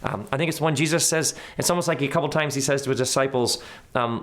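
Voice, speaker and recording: A middle-aged man speaks as an interview guest, thoughtful and conversational. He tells stories and slips into the voices of the people in them. His pitch sits at an ordinary middle level. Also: fast. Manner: animated, acts out quoted voices in his stories. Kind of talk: reflective conversational storytelling.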